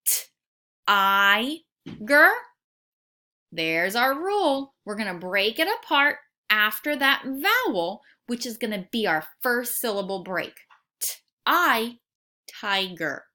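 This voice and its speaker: Lively, bright-voiced woman teaching phonics. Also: fairly high pitch. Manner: slow, sounding out words, lively teacher voice. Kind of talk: recorded phonics lesson for young students.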